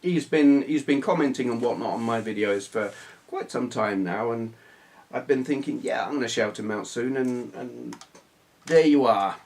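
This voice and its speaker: A man's voice: mid-range voice, moderate pace, a little mellow. Guy, retro gaming vlogger, casual rambling chat with lots of restarts and self-deprecating asides. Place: small hot room under bright video lights.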